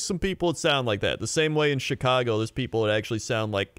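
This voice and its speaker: A man's voice: medium pitch, expressive, quick pace, few pauses, fairly bright tone, clean tone, dry recording, clean studio sound. A man hosting a live stream, chatting casually while reacting to a video, telling stories and swearing freely. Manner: chatty, swearing, tells anecdotes. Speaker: streamer host.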